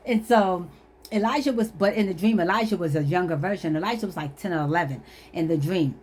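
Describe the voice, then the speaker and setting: A woman vlogger telling a personal story in an animated, emphatic way, often laughing at herself. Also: lowish voice, a little fast, slightly rough. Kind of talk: storytelling testimony.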